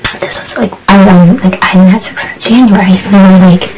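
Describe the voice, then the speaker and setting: A woman's voice: mid-range voice, steady tone, brisk, music in the background. A young woman on a reality show, chatting casually and rambling with lots of "like", often dropping into a whisper. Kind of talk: casual chat. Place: shared house indoors.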